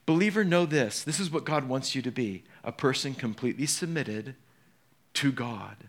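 Preaching with animation, this male pastor moves from hushed moments to emphatic ones and asks his congregation questions directly. He has a mid-range voice and keeps a moderate pace.

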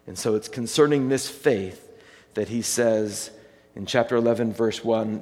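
A man preaching a sermon as pastor, talking conversationally and reading scripture slowly and deliberately. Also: mid-range voice, darkish tone, long reverb tail.

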